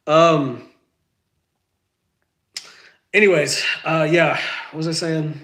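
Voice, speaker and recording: A man's voice: fairly high pitch, steady tone, takes it slowly, long pauses, fairly bright tone. A man hosting a casual solo podcast, rambling and correcting himself while he is sick and stuffed up. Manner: rambling, self-correcting, says y'all. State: sick, stuffy, lost sense of smell. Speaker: podcast host.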